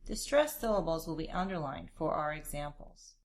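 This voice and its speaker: A woman narrating a scripted language lesson, explaining grammar in a clear, measured way. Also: sits low, lively intonation. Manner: clear, measured instructional delivery. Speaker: language teacher.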